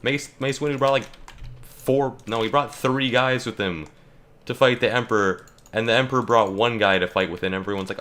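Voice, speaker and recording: Bright-voiced young man ranting jokingly. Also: medium pitch, a little fast. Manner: joking, rambling, many fillers and restarts. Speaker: gaming YouTuber. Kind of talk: casual rant while playing.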